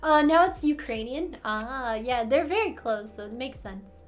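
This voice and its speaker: A bubbly American woman with a high voice chats casually on a live stream, giggling as she answers viewers' questions. Soft music plays faintly behind her. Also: expressive, measured pace. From United States. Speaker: livestream host answering chat. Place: apartment in Korea.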